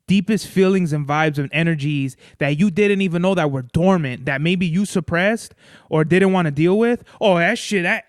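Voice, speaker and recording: A young man rambles through a casual podcast chat, swearing freely and calling the listener bro. His voice sits fairly high and comes across smooth and clear. It is recorded close and dry, with no room sound. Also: no room sound. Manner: loose, profane, rambling, says bro. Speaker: podcast host.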